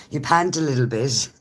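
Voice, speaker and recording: An Irish woman and smoker chatting casually with viewers on a live stream, laughing often as she talks. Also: extremely low pitch. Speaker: livestreamer.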